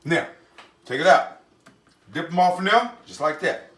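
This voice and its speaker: Boisterous high-voiced man, loud and boastful. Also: lively intonation, unhurried. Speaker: home cooking show host. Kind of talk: storytelling and cooking demo.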